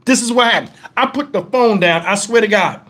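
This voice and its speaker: Vlogger, man, middle-aged, higher-pitched, heated profane storytime rant. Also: fairly quick, pushed and bright. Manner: heated, profane, emphatic retelling.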